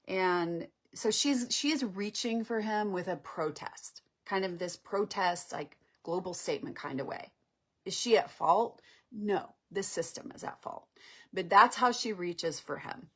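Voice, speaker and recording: A woman's voice: lowish voice, a little slow, fairly bright tone, breathy edge. A woman relationship coach explaining on a live stream in a conversational way, often checking in with "right?". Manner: conversational, acts out couples' lines, checks in with "right?".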